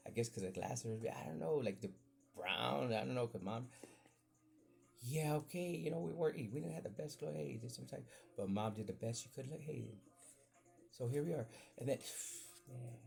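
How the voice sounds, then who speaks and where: Speaking at a moderate pace in a gravelly, medium-pitched voice, this man hosts a podcast and tells a meandering childhood tale in relaxed conversation. He's animated, performing voices for everyone he quotes.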